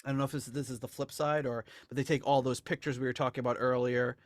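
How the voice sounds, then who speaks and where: A man's voice: medium pitch, level tone, fast talker, no echo. A man co-hosting a podcast in casual chat, rambling with frequent restarts and laughs. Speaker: podcast co-host. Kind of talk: casual chat about album memorabilia.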